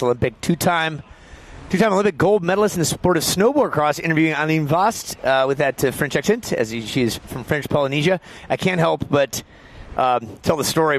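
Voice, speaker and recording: A man doing live surf commentary, reading out scores and telling chatty stories with laughs. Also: a little high.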